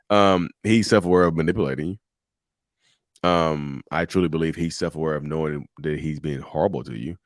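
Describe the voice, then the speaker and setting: Brief: a deep-voiced man hosting a live show, animated, chatty, jokes and laughs, dry close sound. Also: moderate pace, no room sound. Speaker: show host. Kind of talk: casual live talk show chat.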